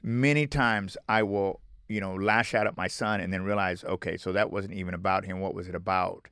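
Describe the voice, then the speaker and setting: A middle-aged man, a guest author, telling stories in an animated, emphatic way on a podcast. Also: deep voice, fairly quick, clean tone, no room sound, studio quality. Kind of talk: conversational podcast interview.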